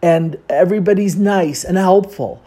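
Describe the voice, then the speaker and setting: Chicago woman rambling casually, low warm voice, lots of side notes. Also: normal speed. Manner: chatty, digressive, self-deprecating. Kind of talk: casual monologue.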